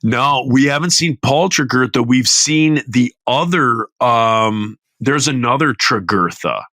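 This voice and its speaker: A man's voice: mid-range voice, a little slow, sharp tone, dry recording. A man co-hosting a podcast, chatting casually, rambling off on tangents and laughing often. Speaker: podcast co-host. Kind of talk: casual chat.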